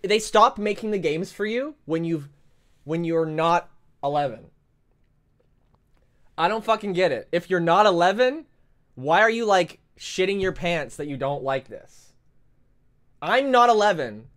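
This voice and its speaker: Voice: medium pitch, fairly bright tone. A YouTuber ranting through a reaction to a game trailer, swearing constantly and swinging between hype and exasperation. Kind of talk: profane reaction rant.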